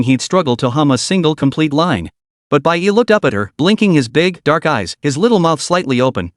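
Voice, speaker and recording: A man narrating an audiobook story in an animated reading style. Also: fairly high pitch, dry recording, clean studio sound.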